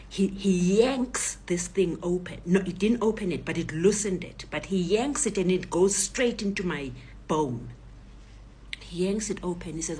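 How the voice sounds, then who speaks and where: A woman with a low-set voice recounts a personal ordeal as dramatic testimony. She acts out each person in the story and keeps slipping into a breathy whisper. Faint background noise sits under the recording. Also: a little mellow.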